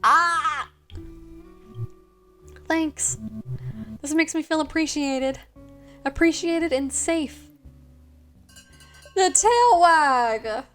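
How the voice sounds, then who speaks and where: A woman voicing an excitable, friendly ghost dog who chatters sweetly. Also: high voice, very slow, pauses often, soft background music, exaggerated voice. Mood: excited.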